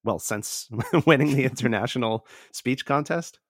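A man's voice: mid-range voice, moderate pace, dry recording, studio quality. A man co-hosting a podcast, speaking briefly and friendly, laughing easily. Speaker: podcast co-host.

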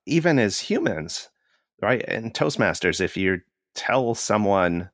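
A man's voice: fairly low pitch, big pitch swings, slow pace, fairly bright tone, dry recording, clean studio sound. A man hosting an interview, encouraging his guest with short agreeing replies. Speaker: interview host. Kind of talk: casual interview chat.

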